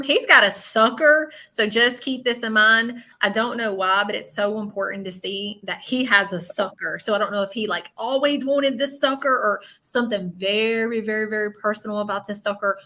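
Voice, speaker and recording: A woman's voice: medium pitch, bright, forceful tone. A woman with a Southern accent hosting a live psychic reading, chatty and blunt with many fillers. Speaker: spiritual medium.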